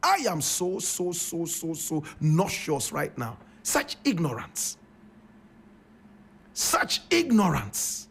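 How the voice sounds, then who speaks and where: A man's voice: fairly high pitch, sing-song, slow, creaky, hardly any pauses, husky. A man giving online commentary in a mocking, exasperated, emphatic manner.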